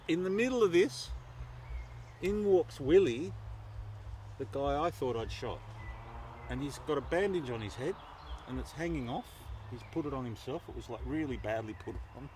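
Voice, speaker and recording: Aussie guy telling a story live out in the woods, lively, swears a lot, faint background noise. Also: medium pitch, normal speed, pauses often. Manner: animated, swearing, with laughs. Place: outdoors in a forest, before a live audience.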